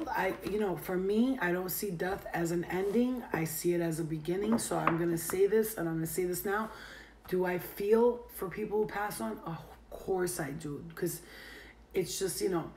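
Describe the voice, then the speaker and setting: A woman's voice: on the low side, normal speed, darkish tone, slight background noise. A woman giving a casual, rambling tarot reading, full of "like" fillers. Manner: rambling, chatty, heavy on "like" fillers. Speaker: tarot reader. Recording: roomy echo.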